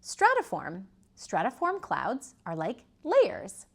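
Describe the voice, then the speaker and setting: A woman teaching a preschool lesson, gently asking children to repeat words and point. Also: mid-range voice, very animated, slow pace. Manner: sing-song, asks children to repeat and point.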